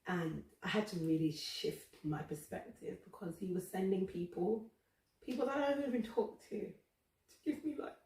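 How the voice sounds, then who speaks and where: A woman's voice: medium pitch, moderate pace, darkish tone. Earnest woman in an echoey room. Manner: earnest, emotional, confessional. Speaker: faith podcast host. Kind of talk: candid personal faith reflection. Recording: roomy echo, distant from the mic.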